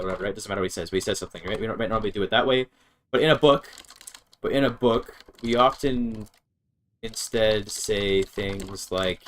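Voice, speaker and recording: A young male streamer with a lowish voice talks through grammar casually. He rambles, keeps correcting himself, and swears when his examples fall flat. Keyboard typing sits in the background. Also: moderate pace, slight background noise. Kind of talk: casual livestream explaining grammar.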